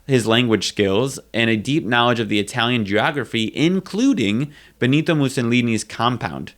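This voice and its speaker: A man's voice: medium pitch, expressive, moderate pace, fairly bright tone. Chatty young man co-hosting a podcast. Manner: chatty, many fillers, playful asides. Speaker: podcast co-host. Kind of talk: casual chat presenting history.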